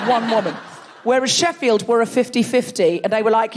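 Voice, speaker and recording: A woman's voice: a little high, a little fast, noisy background. A woman hosting a live comedy show, bantering playfully and teasing the audience from a theatre stage. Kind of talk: live stand-up crowd work.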